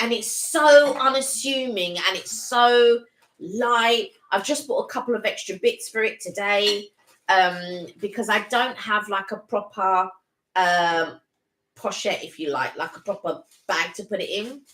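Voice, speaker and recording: A woman's voice: medium pitch, measured pace, a bit bright, echoey room, rough recording. A woman co-hosting a casual livestream, rambling chattily with lots of fillers. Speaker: co-host.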